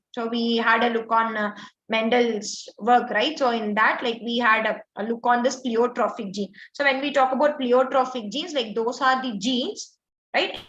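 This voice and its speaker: A woman's voice: on the high side, a bit bright. Woman teacher going through answers, lots of "like" and "uh", echoey muffled audio. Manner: explanatory, filler-heavy, says "like" and "uh" often. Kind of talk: exam answer walkthrough.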